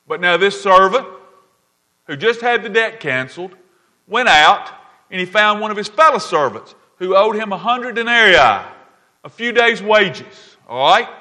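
Male pastor, preaching: bright, forceful delivery that drives home each point by repeating it. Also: high voice, lively intonation, normal speed. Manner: emphatic, repeats key lines, checks in with the audience. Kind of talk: sermon.

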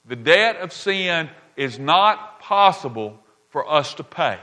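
Bright-voiced man preaching a sermon. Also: fairly high pitch, expressive, slow. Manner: emphatic, repeats key lines, checks in with the audience. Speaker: pastor.

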